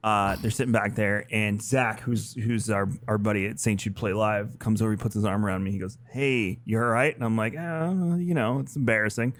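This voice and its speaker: A man co-hosting a podcast, telling an animated story in casual chat and swearing freely. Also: on the low side, brisk, few pauses. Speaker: podcast co-host.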